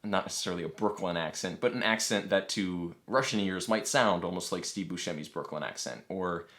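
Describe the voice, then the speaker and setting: A man hosting a casual podcast discussion, explaining his points in a measured way and putting questions to the others. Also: low-pitched, fairly bright tone. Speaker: podcast host.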